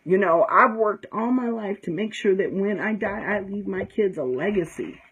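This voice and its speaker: Heard on a low-quality recording, this middle-aged conjure practitioner from the United States has a mid-range, slightly rough, somewhat bright voice at normal speed. Her casual teaching is blunt and profane, delivered as emphatic storytelling peppered with "okay?"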